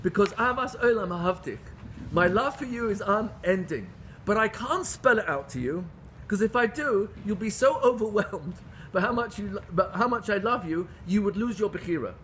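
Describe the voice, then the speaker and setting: Rabbi, middle-aged man, high-pitched, emphatic and repetitive, lecturing. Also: animated, moderate pace, fairly bright tone, slight background noise. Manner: emphatic, repeats phrases for stress, rhetorical questions. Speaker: rabbi teaching a class. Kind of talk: lively Torah lecture.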